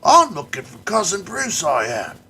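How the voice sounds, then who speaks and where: A man's voice: huge pitch swings, normal speed, slight background noise, exaggerated voice. A man voicing an exaggerated Australian caricature of a man hunting for his cousin, with a put-on Australian accent. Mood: mocking. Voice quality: loud and high, drawling. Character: bumbling male Australian caricature searching for a relative.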